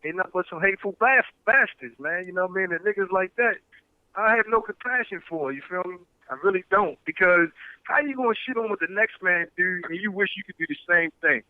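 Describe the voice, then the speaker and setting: A man's voice: high-pitched, lively intonation, a little fast, no room sound, phone-quality sound. A man in a casual livestream chat, ranting in a streetwise way and bragging about his channel while calling himself humble. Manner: boastful yet humble-claiming, streetwise rant.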